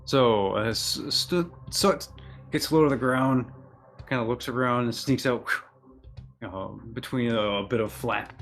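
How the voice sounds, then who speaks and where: A man narrating as game master of a tabletop game, halting and restarting often. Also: medium pitch, fairly bright tone, soft background music.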